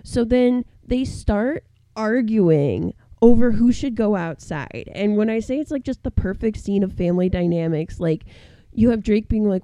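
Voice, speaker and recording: A woman's voice: on the high side, measured pace, no echo. A woman podcast co-host casually recapping a horror film, full of "like" fillers and acting out the characters' lines. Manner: animated storyteller who acts out characters in quotes, many "like" fillers.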